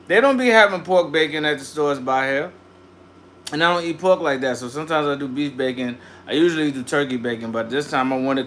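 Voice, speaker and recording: A man, talking loosely and animatedly to his livestream chat and slipping into exasperated rants. His voice sits a little higher than most men's. A faint hum of background noise hangs under the voice. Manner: slangy, animated ranting, greets chat by name. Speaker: livestream host.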